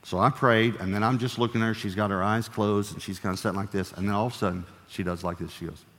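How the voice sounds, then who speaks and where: A man's voice: lowish voice, fairly even intonation, fast talker, a bit bright, in a large hall. An older man, a pastor, preaching a sermon in a conversational, storytelling way with playful humor.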